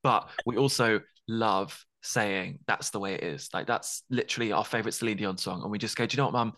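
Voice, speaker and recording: A man's voice: lowish voice, fairly quick, sharp tone. A man hosting a podcast interview in casual chat, joking at his own expense and apologizing playfully. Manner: jokey, self-deprecating, apologetic asides. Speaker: podcast host.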